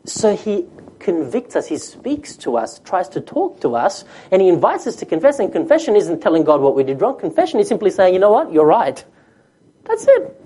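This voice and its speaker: A man's voice: high voice, very animated, fairly quick, dark tone, breathy edge. A man preaching a sermon as a pastor, talking conversationally and asking the congregation questions.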